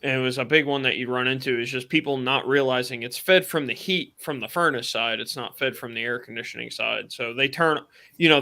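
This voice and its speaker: Bright-voiced man telling trade stories. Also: mid-range voice. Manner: laid-back, profane, acts out quotes. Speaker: co-host and tradesman. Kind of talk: casual live-stream storytelling.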